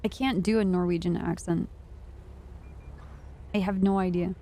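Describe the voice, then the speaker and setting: A woman's voice: fairly low pitch, steady tone, unhurried, dark tone, slight background noise. A woman streaming a game, chatting casually with her viewers and telling a rambling story, often laughing.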